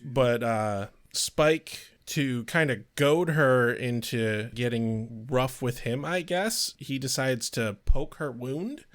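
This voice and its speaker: Joking male podcast co-host. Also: medium pitch. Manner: joking, chatty, quick asides. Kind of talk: casual chat, episode review.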